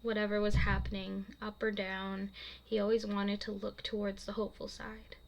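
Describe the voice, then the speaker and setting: A woman's voice: mid-range voice, monotone, normal speed, creaky, low-quality recording. Young woman reading her own novel aloud. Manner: soft, casual, laughs at her own slips. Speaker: author.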